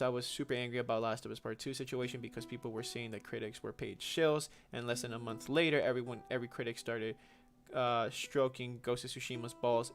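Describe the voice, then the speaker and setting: A man's voice: mid-range voice, vocal fry, fairly bright tone. A young man hosting a gaming livestream, casually answering viewer questions in a chatty, slangy way with frequent restarts.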